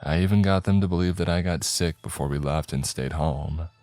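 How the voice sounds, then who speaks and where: Very deep-voiced man narrating horror. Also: darkish tone, no room sound. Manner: slow, measured storytelling. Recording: dry close mic, faint background music.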